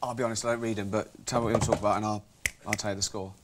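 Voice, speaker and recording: A man, a comic guest rambling through offhand deadpan jokes on a television comedy show. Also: lowish voice, rapid-fire. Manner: rambling, offhand, laughing at his own jokes. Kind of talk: improvised deadpan comedy chat. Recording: noisy studio recording.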